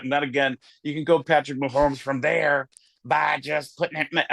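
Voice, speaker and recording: A man's voice: medium pitch, fairly even intonation, normal speed, creaky, a bit bright, dry recording, studio quality. A man, a comedian, chatting animatedly as an interview guest and slipping in and out of voices. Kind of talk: lively interview chat.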